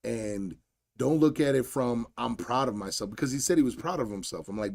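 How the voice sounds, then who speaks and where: Gravelly, blunt man telling a story. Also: medium pitch, a little fast. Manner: blunt and animated, slangy storytelling. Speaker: podcast host and fight coach. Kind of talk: solo podcast monologue.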